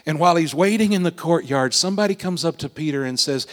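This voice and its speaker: A man preaching a sermon, telling the story dramatically, with his voice swelling and then dropping to a hush. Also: a little high, animated, fast, hardly any pauses, long reverb tail. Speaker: pastor.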